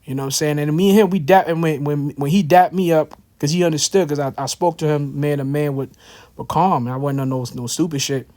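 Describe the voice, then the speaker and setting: A man's voice: fairly high pitch, fairly even intonation, fairly quick, a little mellow. A man giving casual scripture commentary, telling a personal story in a loose, slangy way with many fillers and asides. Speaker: religious teacher.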